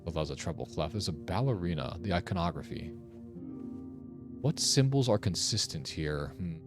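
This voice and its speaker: Brief: young male streamer, low voice with lively swings, puzzling aloud, faint music behind. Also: moderate pace. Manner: thinking aloud, puzzling over clues. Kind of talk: casual gameplay commentary.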